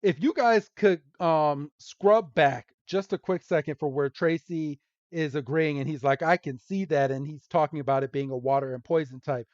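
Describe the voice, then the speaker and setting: A man hosting a podcast, recapping a cartoon episode in a casual, giggly, animated way. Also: on the high side, moderate pace, dry recording, dull audio. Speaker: podcast host.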